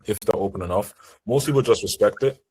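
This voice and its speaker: A man's voice: fairly low pitch, fast, a little mellow, slightly rough, poor audio. A man teaching sales in a live seminar, talking in a direct, assertive way. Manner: direct, assertive coaching talk. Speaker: sales trainer. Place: online group call.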